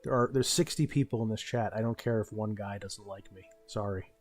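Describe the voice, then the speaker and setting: A man's voice: on the low side, a little fast, soft background music. A young man streaming and talking with his chat in a blunt, profane, ranting way. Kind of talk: casual livestream chat.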